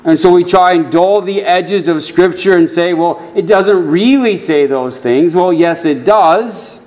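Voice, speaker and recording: A man delivering a sermon at a slow, deliberate pace, his voice sitting a little high for a man. He preaches earnestly and sinks low and quiet whenever he quotes scripture. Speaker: pastor.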